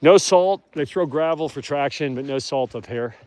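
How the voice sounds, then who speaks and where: A man narrating a live stream outdoors in the snow on his way to a wolf habitat, talking quietly to viewers and calling to his dog and the wolves. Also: on the high side, normal speed, dry recording. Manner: talks softly to his dog and wolves, rises when calling them. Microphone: phone, later a chest rig.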